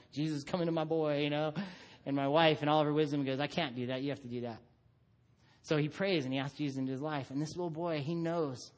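A middle-aged man preaching a sermon, telling stories about his son and acting out voices. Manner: animated storytelling, acts out his son in a high voice. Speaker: pastor.

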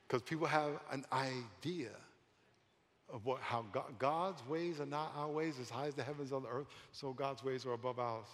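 A male pastor preaches in a mid-pitched voice, lively and quick to laugh, repeating his points for emphasis. The sound carries a long reverb from a large church sanctuary. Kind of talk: sermon.

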